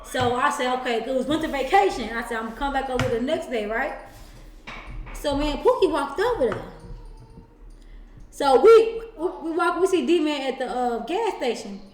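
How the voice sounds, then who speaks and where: Chicago woman, high voice, animated storyteller, echoey room. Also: normal speed, a little hiss or hum. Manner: laughs often, loud bursts, profane. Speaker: storyteller on a livestream.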